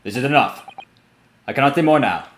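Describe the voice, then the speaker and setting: A man voicing a stern male ship's guard with a put-on Russian accent, speaking blunt broken English, recorded in an echoey room with steady noise. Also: medium pitch, a little fast, close to an everyday voice. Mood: brusque. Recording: roomy echo with steady noise.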